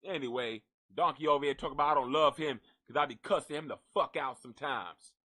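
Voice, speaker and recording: A man hosting a live gossip stream rambles and curses in a jokey, casual way as he signs off, even talking to an unseen donkey. He's a fast talker with a high voice and a sharp tone.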